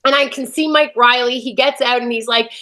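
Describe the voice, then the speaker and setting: A woman with a slightly high voice tells a personal story in an interview. She talks with lively feeling and acts out her own past thoughts as she goes. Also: brisk. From Canada. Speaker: interview guest.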